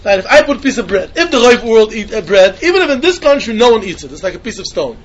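Fast-talking male Talmud teacher, singsong back-and-forth reasoning. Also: high-pitched, very animated, husky, muffled recording. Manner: sing-song questioning, repeats phrases, mixes Yiddish and Hebrew terms. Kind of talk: yeshiva-style Talmud lesson.

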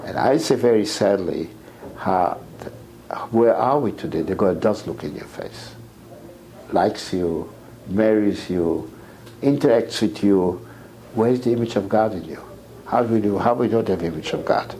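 A man giving an impassioned sermon lecture, repeating words as his voice climbs to near shouts. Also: fairly low pitch, a little slow, low-quality recording. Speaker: rabbi lecturer.

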